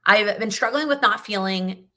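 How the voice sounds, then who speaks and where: A woman's voice: medium pitch, moderate pace, bright, forceful tone. A young woman hosting a live Q&A, chatting casually and giving encouraging advice, often restarting her sentences. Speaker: host answering viewer questions.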